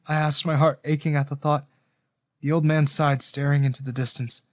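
A man's voice: fairly high pitch, level tone, normal speed, no room sound. Dramatic male story narrator, dry sound. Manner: dramatic, earnest first-person telling. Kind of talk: scripted first-person narration.

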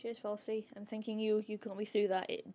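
A woman streaming a game from home into a desk mic, yelping and shouting at it with lots of exclamations. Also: mid-range voice, flat delivery, fairly quick, slight background noise. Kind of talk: live gaming stream commentary. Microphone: new desk mic.

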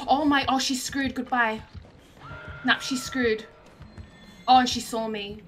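Excitable young woman streamer. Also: a little high, unhurried, pauses often, faint music behind. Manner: excitable, panicky, often shrieking and laughing. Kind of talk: live gameplay commentary.

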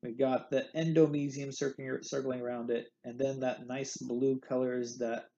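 Guy lecturing on muscle anatomy, gravelly, dull lo-fi sound. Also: mid-range voice, level tone, normal speed, mellow. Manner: playful, repeats key terms. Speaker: anatomy instructor. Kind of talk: recorded lecture.

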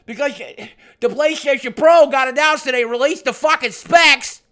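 A man's voice: very high-pitched, moderate pace. A man voicing an angry, hot-tempered male gamer fan who rants, swears and stammers over his words in a comedic rant to camera. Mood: furious ranting. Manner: shouting rant, stammering repeats, heavy swearing.

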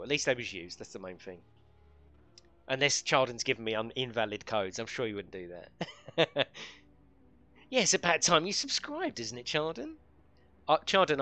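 A man's voice: medium pitch, pushed and bright. A man streaming a racing game live, chatting casually with viewers and friends, swearing lightly and laughing often.

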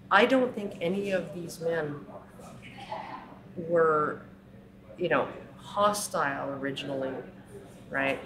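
A woman giving an impassioned talk, often ending points with "right?" and mocking the people she quotes. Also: a bass voice. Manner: frequent "right?" tags, mocking put-on quotes. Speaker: speaker. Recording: echoey room with crowd.

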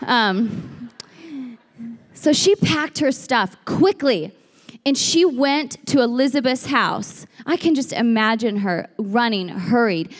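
A woman preaching a sermon in a church, lively and animated, often breaking into shouts and acted-out quotes. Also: a little high, normal speed. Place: church sanctuary. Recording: long hall reverb.

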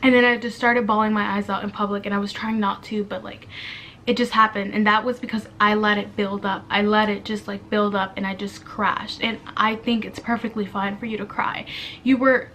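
A young adult college woman vlogs casual, heartfelt advice to camera, chatting with lots of fillers. Her mid-range voice is a bit bright with little pitch movement, at normal speed, over a slight hiss or hum.

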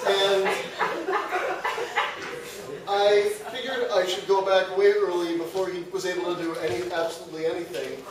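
A young male college comedian telling an absurd story in a deadpan way to a live audience, sometimes laughing at his own jokes. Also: high voice, moderate pace, long pauses, far from the mic, a crowd in the background. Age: young adult. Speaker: student comedian. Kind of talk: stand-up comedy. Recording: echoey room, mic from afar, audience noise.

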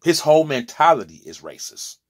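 A man's voice: a little high, sing-song, fairly quick. A man in his forties giving a heated opinion monologue, repeating and restarting words as he presses his points. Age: 40s. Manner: impassioned, stumbling restarts, preachy asides. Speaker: opinion vlogger.

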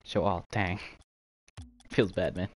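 Young dude streaming games, kinda low voice, slow easy chat, laughs a lot. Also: male voice, fairly even intonation, faint music behind. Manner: laid-back, chatty, laughs and swears casually. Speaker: game streamer. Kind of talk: casual live-stream chat while trading.

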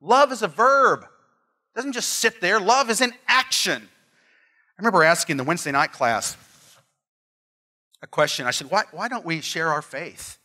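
A man's voice: fairly high pitch, expressive, unhurried, pauses often, pushed and bright. A middle-aged man preaching a sermon, earnest and emphatic, repeating key phrases and telling family stories. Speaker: pastor.

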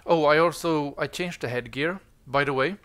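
A man's voice: a little high, moderate pace, clear, resonant tone, faint music behind. A man hosting a let's-play, chatting casually with lots of fillers as he plays through a game. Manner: chatty, relaxed, many fillers. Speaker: gaming channel host.

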